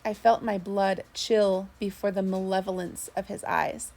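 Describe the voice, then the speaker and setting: A woman narrating a first-person sea story, steady with small slips. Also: medium pitch, measured pace, vocal fry. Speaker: audiobook narrator.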